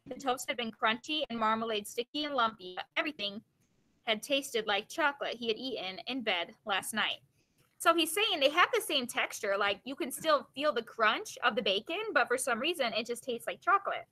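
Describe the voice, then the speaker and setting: A woman reading a children's chapter book aloud, pausing to explain the story in plain, casual words. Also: on the high side, pushed and bright, poor audio.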